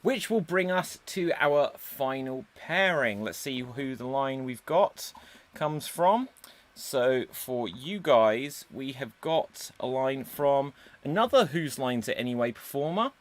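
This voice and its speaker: A man's voice: mid-range voice, animated, takes it slowly. A man hosting a live improv comedy show over a video call, upbeat as he reads out suggestions. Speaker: host.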